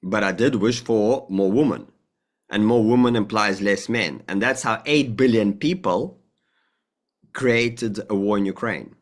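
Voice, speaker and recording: A man talking as an interview guest about spirituality. He rambles and restarts, swears casually, and acts out little dialogues in a raised voice. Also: measured pace. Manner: rambling and emphatic, with frequent profanity; acts out dialogue with a jumpy, higher voice. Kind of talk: conversational interview, spiritual talk.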